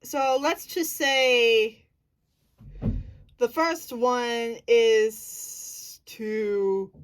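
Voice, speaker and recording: A woman's voice: a little high, fairly even intonation, extremely slow, dry recording. A woman casually explaining her acting technique. She thinks aloud, searches for words and corrects herself as she goes. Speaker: acting student.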